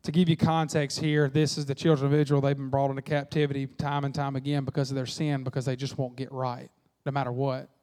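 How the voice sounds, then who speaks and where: A man preaching a Sunday sermon, folksy and animated, acting out quotes along the way. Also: medium pitch, fast. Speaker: pastor. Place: church sanctuary. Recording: long reverb of a church hall.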